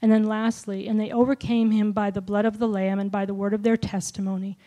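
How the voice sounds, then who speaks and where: A middle-aged woman giving a personal testimony sermon, telling a story with lively shifts and dropping to a whisper for quoted lines. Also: medium pitch, brisk. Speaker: speaker at a church gathering.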